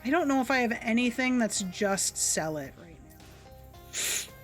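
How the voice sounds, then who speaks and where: A woman's voice: fairly high pitch, animated, unhurried, faint music behind. Casual live-stream host, woman, chatty game-reading. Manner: reads the game aloud, chatty, stumbles over words.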